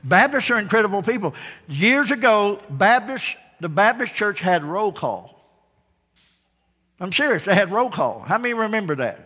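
Pastor preaching an altar call. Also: male voice, high voice, very animated, normal speed. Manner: calls out names loudly, then drops to soft pleading. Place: large church sanctuary. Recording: church broadcast with long reverb.

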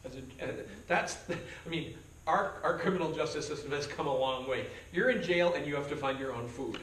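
A man's voice: fairly high pitch, moderate pace, a bit bright. A man pastor leading a conversational verse-by-verse Bible study, joking and acting out quoted voices. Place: church meeting room. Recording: roomy sound from a distance, faint background.

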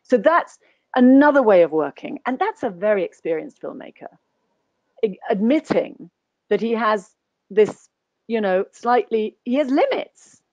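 A woman's voice: a little high, lively intonation, unhurried, darkish tone, no echo. Woman telling stories over a dull call line. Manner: thoughtful, anecdotal, with frequent restarts. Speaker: guest actor. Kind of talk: conversational webinar interview. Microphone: video call.

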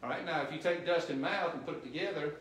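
A male missionary preacher delivering a sermon, quizzing the congregation with questions and growing loud and emphatic at his peaks. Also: a little high, quick pace, a little hiss or hum. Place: church sanctuary. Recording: roomy church echo, distant mic.

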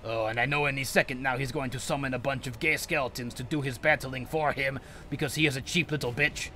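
A man's voice: medium pitch, steady tone, quick pace, bright, forceful tone, slight background noise. A man giving angry, profane let's play commentary, ranting at the game. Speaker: gamer.

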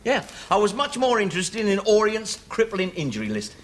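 An actor playing a wry, grumbling ex-convict, trading sarcastic banter. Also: male voice, high voice, sing-song, a little fast. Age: 40s. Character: 45-year-old male ex-convict, wry and grumbling.

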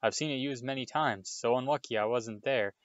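A man reading aloud, voicing a boastful, vain male wizard teacher who brags briskly. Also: medium pitch, no room sound, highs cut off, close to an everyday voice. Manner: brisk, self-satisfied bragging.

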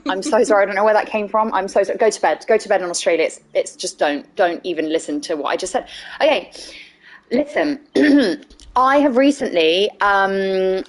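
A woman's voice: medium pitch, normal speed. Playful young woman streamer, swearing. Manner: playful, laughs a lot, swears casually. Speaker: streamer playing a video game. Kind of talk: casual live-stream chat.

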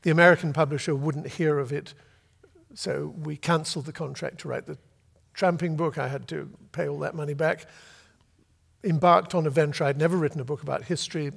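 An older man from Britain, an author telling a long, lively anecdote to a festival audience and acting out the voices he quotes. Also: a little high, a little fast, creaky, breathy edge, long reverb tail. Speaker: author guest. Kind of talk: storytelling at a festival talk. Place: festival venue before an audience.

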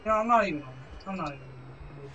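A man's voice: high-pitched, animated, racing, pushed and bright, muffled recording. A young man giving casual gameplay commentary, swearing and grumbling in frustration. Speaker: gaming video creator. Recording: game music playing behind.

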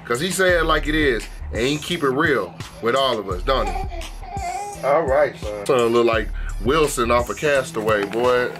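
A man's voice: mid-range voice, big pitch swings, unhurried, over music. A young man hosting a reaction video, talking in a hyped, slangy, casual way and repeating himself.

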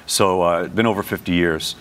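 A middle-aged man from Brooklyn, a sports announcer, chatting as a guest on a morning TV show, relaxed and full of fillers and restarts. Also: low-pitched, brisk, clean tone. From Brooklyn, New York. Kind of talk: casual TV interview chat. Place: TV studio.

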